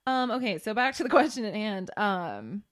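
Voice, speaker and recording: A woman's voice: medium pitch, very animated, normal speed. A woman in her twenties co-hosting a casual chat, rambling and laughing often.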